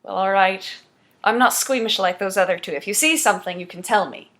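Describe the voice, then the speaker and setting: A woman's voice: medium pitch, a little fast, a bit bright, close to an everyday voice. A woman voicing a breezy, teasing upper-class young male dandy. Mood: probing.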